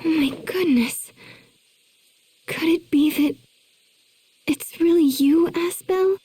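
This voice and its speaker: A woman voicing a gentle young woman in a game cutscene, speaking softly and hesitantly. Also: high-pitched, animated, normal speed, no echo. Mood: tender. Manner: soft, hesitant and breathy.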